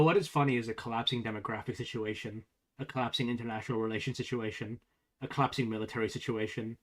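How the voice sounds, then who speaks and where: A man livestreaming in casual chat, sarcastic and laughing as he argues with his viewers. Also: fairly low pitch.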